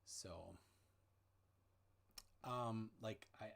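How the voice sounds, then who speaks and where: A man hosting a casual livestream, reading out chat comments in a rambling, halting way with many fillers, holding his mic close at home. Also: lowish voice, level tone, a bit bright, clear, resonant tone. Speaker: livestream host. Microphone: handheld mic held close.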